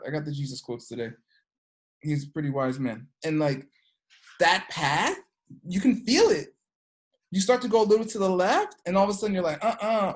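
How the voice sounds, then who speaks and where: Chatty teacher with animated storytelling. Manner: chatty, peppered with "like" and "you know"; acts out characters with sudden pitch jumps. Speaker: energy work teacher. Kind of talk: casual class talk with storytelling.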